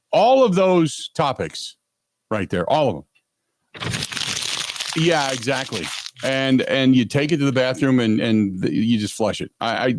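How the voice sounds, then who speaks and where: A man's voice: medium pitch, animated, measured pace, long pauses, no echo. A man hosting a sports talk radio show in a studio, rambling and exasperated, stumbling over and repeating his words.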